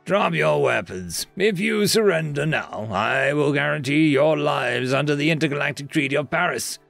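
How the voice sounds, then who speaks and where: A man voicing an alarmed, clawed alien soldier who shouts in panic. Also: medium pitch, sing-song, moderate pace, no room sound, soft background music.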